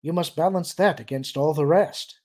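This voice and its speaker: Man playing a calm alien sage, mild, measured, cryptic, gravelly voice. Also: fairly high pitch.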